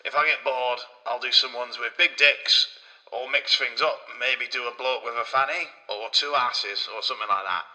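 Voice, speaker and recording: A man's voice: medium pitch, moderate pace, bright, forceful tone, rough recording. A man voicing a crude, boastful Renaissance sculptor in a comedy podcast sketch.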